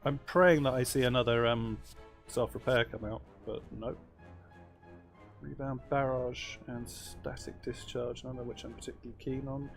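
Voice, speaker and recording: A man's voice: mid-range voice, steady tone, moderate pace, creaky. A man hosting a let's play, commenting casually on his moves with wry, self-deprecating asides as he thinks aloud. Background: faint game music.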